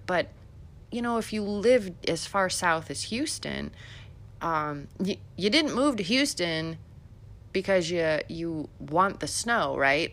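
A woman's voice: low voice, fairly bright tone. A middle-aged woman from Illinois hosting a podcast, giving chatty, sarcastic political commentary with many fillers. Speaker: podcast host.

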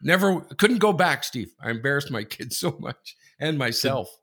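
A man in his forties co-hosting a casual sports podcast, telling a rambling anecdote full of restarts that builds to loud excitement. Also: medium pitch, normal speed, breathy edge. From Canada. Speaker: podcast co-host. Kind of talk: casual sports talk, storytelling.

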